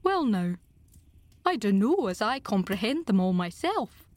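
A woman reading an audiobook, voicing a shy, gentle elderly farmer who speaks in a slow, hesitant rustic drawl. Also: mid-range voice, big pitch swings, no echo. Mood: mild.

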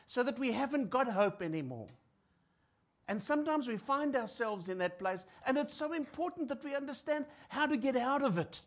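A South African man preaching a sermon. He swings between loud, emphatic lines and hushed, near-whispered ones, and acts out the voices of people in despair. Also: high-pitched.

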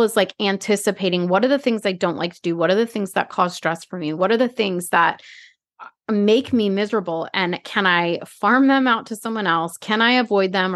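A woman in her thirties co-hosting a podcast, talking casually with lots of fillers and animated asides. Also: lowish voice, vocal fry, no room sound, clean studio sound. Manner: chatty, lots of "like", animated retelling. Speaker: podcast co-host. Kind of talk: casual chat.

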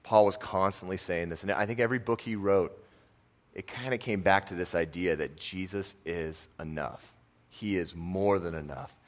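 A young man giving a casual, conversational sermon, dropping his voice soft on key lines. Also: deep voice, normal speed. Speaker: preacher and football coach.

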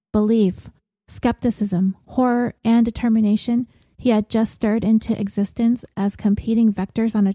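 Woman narrator, very dark mellow tone, dry close sound, measured gentle reading. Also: mid-range voice, no room sound. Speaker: audiobook narrator. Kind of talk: scripted narration.

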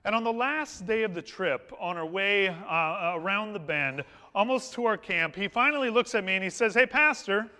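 A man's voice: high voice, expressive, normal speed, few pauses, pushed and bright. A male pastor telling a story in his sermon in a conversational, anecdotal way, with touches of humor. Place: church sanctuary. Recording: long hall reverb in a church.

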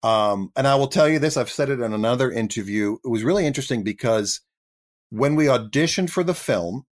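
A man's voice: medium pitch, lively intonation, brisk. A man in his fifties, a guest actor, telling career stories in a casual interview with a self-deprecating, chatty manner. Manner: chatty, self-deprecating, slips into quoted voices.

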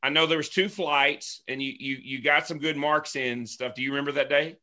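A man's voice: fairly high pitch, steady tone, brisk, bright, forceful tone. A man interviewing a guest, prompting her with short reactions and questions about her career.

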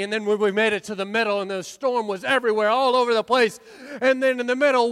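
A man playing a ship's captain who leads a live audience, coaxing the crowd and bursting into theatrical shouts. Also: very high voice, fast talker, in a large hall. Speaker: costumed ship-captain performer leading a live audience show. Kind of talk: live audience interactive storytelling.

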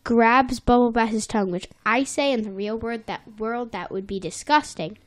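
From a small office, a woman co-hosts a casual podcast, recapping an episode and playfully acting out characters in bursts. Her voice is on the high side at a moderate pace.

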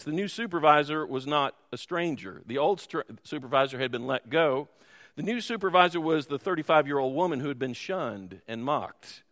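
A man's voice: a little high, a bit bright. A man preaching a sermon as pastor, telling a story and making self-deprecating asides to the congregation. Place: church sanctuary. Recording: long hall reverb.

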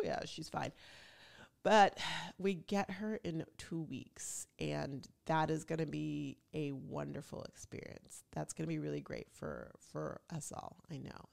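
Gravelly low-voiced woman telling a story. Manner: chatty, animated storytelling. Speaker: podcast host. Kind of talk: casual chat.

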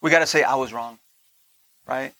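A man giving a conversational sermon, often checking in with listeners with "right?", slowing down on key points and dropping into soft asides. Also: medium pitch. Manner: slows down to stress points, laughs between lines. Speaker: teacher of a Torah portion.

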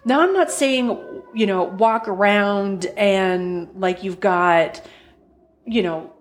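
Woman, life coach, solo podcast, unhurried delivery, chatty and encouraging, acts out quoted complaints. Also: medium pitch.

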